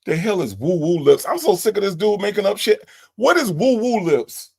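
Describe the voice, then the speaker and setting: A man hosts a live stream, reacting to a recorded call and talking straight to his chat. His gravelly voice swings widely in pitch as he repeats his questions in disbelief. He chats loosely and casually with his viewers. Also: lively intonation, moderate pace, a little mellow. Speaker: livestream host reviewing a recorded call.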